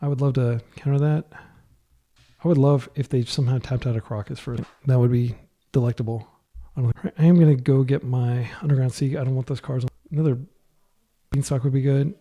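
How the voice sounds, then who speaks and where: A man commentating his own online card game, thinking out loud in a soft, light voice that is worn from a long day of talking. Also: medium pitch, steady tone, a little fast, lo-fi sound. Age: adult, a parent.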